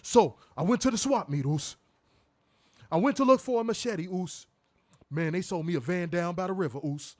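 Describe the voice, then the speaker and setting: A man's voice: high voice, moderate pace, no echo, clean studio sound, close to an everyday voice. A man putting on an exaggerated, mocking impression of a swaggering male wrestler, drawling and over the top.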